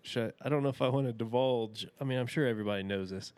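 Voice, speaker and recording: A man's voice: medium pitch, rapid-fire, darkish tone, clean tone, dry recording. A man in his thirties, a podcast guest telling a rambling, folksy story and laughing often. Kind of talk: casual storytelling.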